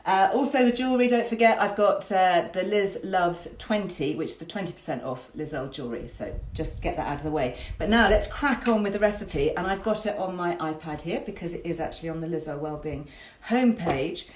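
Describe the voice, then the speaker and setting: A chatty woman hosts a home cooking demo in her farmhouse kitchen, her voice sitting low for a woman. The room is roomy and echoey, with a faint hum of noise behind her. She talks casually and cheerfully, full of friendly asides. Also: expressive, fairly quick. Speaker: cooking show host.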